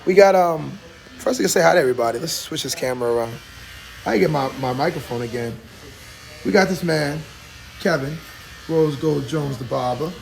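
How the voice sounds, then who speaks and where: A man's voice: fairly high pitch, fairly quick, creaky, pauses often. A man hosting a casual talk show in a barbershop, teasing his guests and laughing often. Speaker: host. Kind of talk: casual chat.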